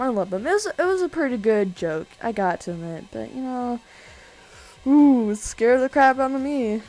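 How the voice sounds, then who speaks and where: A teenage girl from California telling a story in an animated, excitable way on a casual vlog. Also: fairly high pitch, normal speed, poor audio.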